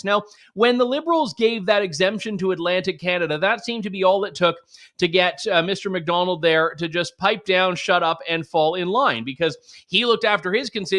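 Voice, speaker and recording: A man's voice: sits high, fairly bright tone. A man hosting political news commentary, speaking in an opinionated and sarcastic way, full of mocking asides.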